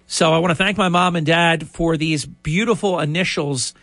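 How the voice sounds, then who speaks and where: A middle-aged man tells a story in a loose, chatty way, circling back with asides and restarts. His voice sits a little high for a man. The recording is dry and close, with no room sound. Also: normal speed, a bit bright, dry recording. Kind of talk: casual storytelling monologue.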